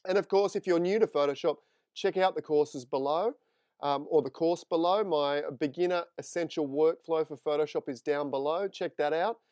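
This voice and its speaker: Upbeat male photo tutor, crisp clear voice. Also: on the high side, normal speed, a little mellow, no room sound, highs cut off. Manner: friendly, chatty, talks to live viewers. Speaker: photography instructor. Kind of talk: live screen-share tutorial.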